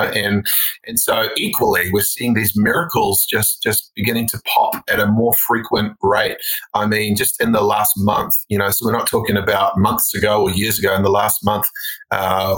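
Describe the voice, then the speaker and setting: A man's voice: on the low side, fairly bright tone, breathy edge, low-quality recording. A middle-aged Australian man, a guest minister, talking eagerly in a casual podcast interview and often restarting his sentences. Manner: enthusiastic, rambling with restarts.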